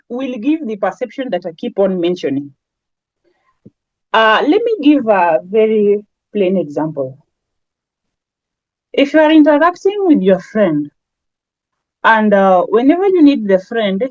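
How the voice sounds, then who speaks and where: A woman's voice: on the high side, big pitch swings, a little slow, pauses often, a little mellow, no room sound, muffled recording. A woman with a Kenyan accent giving a lecture on branding, talking in a conversational way with everyday examples. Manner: conversational, with lots of everyday examples and Swahili asides. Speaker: branding trainer.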